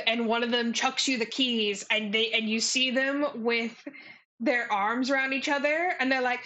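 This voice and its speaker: A woman's voice: fairly high pitch, fairly even intonation, unhurried, bright, forceful tone, poor audio. A woman as dungeon master, narrating a tabletop game in a playful way with frequent laughter. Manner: playful, laughs often, hesitant fillers.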